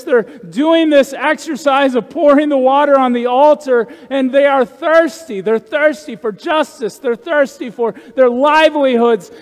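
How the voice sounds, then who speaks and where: A male pastor preaching a conversational sermon, often checking in with the congregation with asides. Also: very high voice. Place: church sanctuary. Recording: church sanctuary with long reverb.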